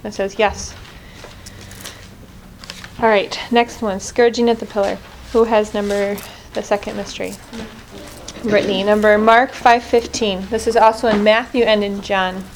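A woman's voice: medium pitch, steady tone, normal speed, a little hiss or hum. A woman leading a group prayer reflection in an earnest way, often restarting and correcting herself mid-sentence. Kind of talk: spoken reflection on scripture.

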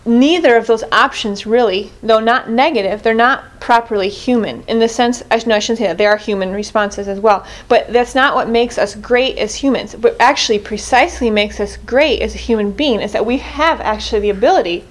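Woman, fairly high voice, earnest, leads a prayer group, reflects on scripture, corrects herself often. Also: fairly quick, hardly any pauses. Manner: earnest, self-correcting, restarts mid-sentence.

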